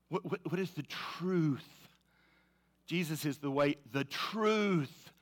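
Man, pastor, sermon, conversational, emphatic, slightly high voice. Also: slow pace. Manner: conversational, emphatic, repeats phrases.

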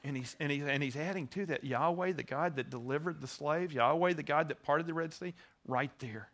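High, bright-voiced male preacher. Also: brisk. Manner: earnest, teaching, with frequent restarts and repeated words. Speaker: pastor. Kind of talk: sermon.

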